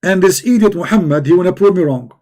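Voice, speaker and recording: Combative, mocking man with a mellow voice. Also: high voice, lively intonation, quick pace. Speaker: religious debate host. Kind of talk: live online debate commentary.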